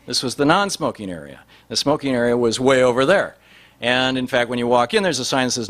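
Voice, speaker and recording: A man's voice: medium pitch, fast. A man recounts an anecdote in a loose, rambling storyteller's manner. His voice sits in a middle register, and he stacks restarts and asides as he goes. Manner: rambling, animated, voice rises sharply in quoted lines. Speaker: speaker telling a story.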